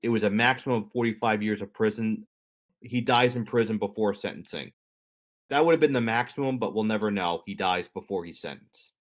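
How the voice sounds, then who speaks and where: A man's voice: lowish voice, brisk. A young adult man co-hosting a podcast, explaining at length in a rambling, self-correcting way with dry humor. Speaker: podcast co-host. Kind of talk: casual explanatory chat.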